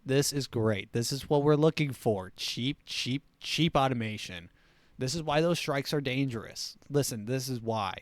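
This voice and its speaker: A man's voice: mid-range voice, no room sound. A man hosting a comedy show, reading news items and riffing on them sarcastically. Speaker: show host.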